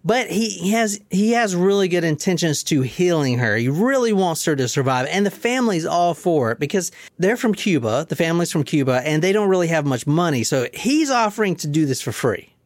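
A woman hosting a podcast, telling a true-crime story in casual chat, animated and swearing casually. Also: brisk, hardly any pauses, no room sound, clean studio sound. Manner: animated, swears casually, drops to low emphasis.

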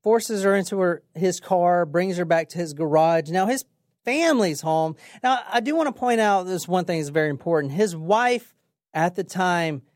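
A woman's voice: lowish voice, lively intonation, normal speed, darkish tone, no echo, studio quality. A woman hosting a podcast, telling a true crime story in a casual, blunt way, with swearing. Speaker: podcast host.

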